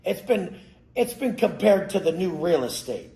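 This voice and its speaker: A man giving a profane, aggressive motivational rant, cursing and yelling at his listeners. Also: high voice, very animated, moderate pace, vocal fry. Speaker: motivational speaker. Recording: roomy echo.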